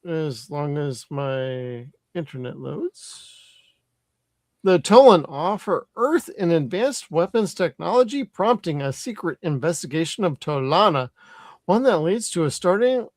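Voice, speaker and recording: A man's voice: on the high side, lively intonation, measured pace, darkish tone, no room sound. A man hosting a live podcast, chatting loosely and swearing freely. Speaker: podcast host. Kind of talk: casual live podcast chat.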